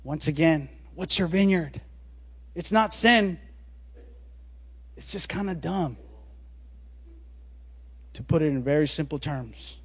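A man preaching a sermon as a pastor, telling a story with animated rises and quiet, low drops on key words. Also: takes it slowly, pauses often, slightly rough.

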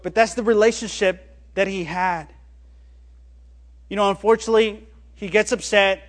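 High-voiced man preaching a sermon. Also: moderate pace. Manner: animated storytelling, dropping low and quiet on key words. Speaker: pastor.

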